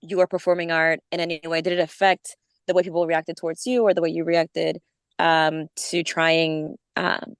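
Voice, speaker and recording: A woman interviewing a guest on her podcast, her voice lower than most. She laughs easily and lets her questions wander before landing them. The sound is dry, with no room echo. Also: flat delivery, normal speed, smooth. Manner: warm laughing, meandering questions. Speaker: podcast host.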